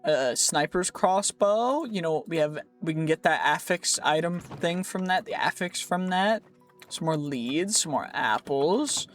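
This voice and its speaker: A man's voice: on the high side, lively intonation, a little slow, fairly bright tone, faint music behind. A man giving playful, rambling let's play commentary over his gameplay, joking at his own slips. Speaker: gaming YouTuber.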